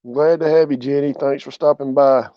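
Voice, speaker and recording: Speaking at normal speed with medium pitch and fairly even intonation, a relaxed, drawling man hosts a livestream outside on his porch, welcoming each arriving viewer by name. The audio has no echo; it's dry, close, dull and lo-fi.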